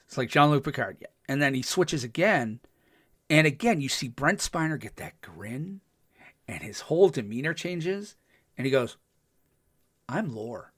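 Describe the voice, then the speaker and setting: A man's voice: on the high side, big pitch swings, normal speed, a bit bright, breathy edge, no echo, clean studio sound. A man co-hosting a podcast, casually recapping a TV episode with lots of fillers and enthusiasm. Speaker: podcast co-host.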